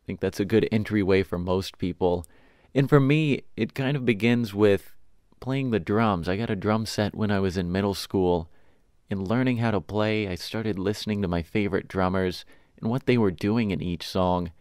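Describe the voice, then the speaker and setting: A man co-hosting a podcast, speaking in a measured, explanatory way in casual chat. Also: on the low side, darkish tone, clean tone, dry recording, studio quality. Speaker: podcast co-host.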